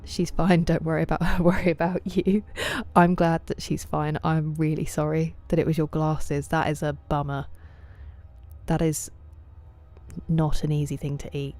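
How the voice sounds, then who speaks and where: A woman streaming a game, chatting casually with viewers, greeting them by name and often dropping to a soft near-whisper. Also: low-pitched, flat delivery, normal speed, faint music behind. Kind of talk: casual live-stream chat while gaming.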